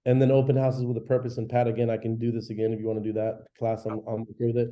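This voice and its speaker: A man in his forties, a real estate agent teaching a class in an energetic, chatty way, often acting out phone calls. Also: mid-range voice, very fast. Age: 40s. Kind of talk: live training class talk. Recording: dull lo-fi recording.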